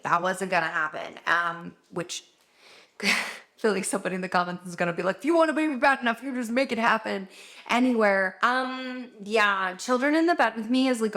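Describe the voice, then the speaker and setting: A woman's voice: fairly low pitch, a bit bright. A woman, a doctor, talking openly in a personal vlog from her home, rambling and emotional, tired and close to tears. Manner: open, rambling and emotional, many fillers. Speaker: doctor and vlogger.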